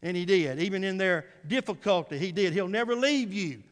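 High-voiced man preaching in a reverberant hall. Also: lively intonation, brisk. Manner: swings from soft and low to loud and emphatic; calls out "Amen?" to the congregation. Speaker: pastor. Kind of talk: sermon. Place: church sanctuary.

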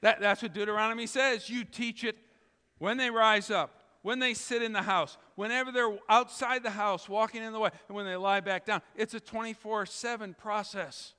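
A man's voice: sits high, steady tone, moderate pace, pushed and bright, clean tone. A man preaching a sermon in a church, telling a story with emphatic delivery. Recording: reverberant hall.

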